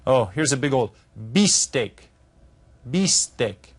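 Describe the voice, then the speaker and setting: A man teaching Spanish vocabulary to children, pronouncing each word slowly and drawn out, then asking the class to repeat it with friendly encouragement. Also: mid-range voice, lively intonation, breathy edge. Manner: slow, drawn-out pronunciation of vocabulary words.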